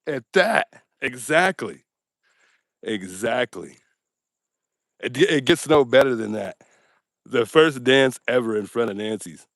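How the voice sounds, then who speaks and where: A man's voice: medium pitch, unhurried, vocal fry, pauses often, no echo, studio quality. A man hosting a casual livestream outdoors at night, joking and poking fun at himself as he talks straight to his chat. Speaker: livestream host.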